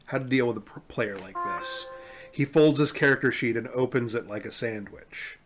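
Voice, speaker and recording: A man's voice: medium pitch, moderate pace, music in the background. A man co-hosting a podcast in casual chat, reading memes aloud with a wry, amused manner and frequent laughs. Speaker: podcast co-host.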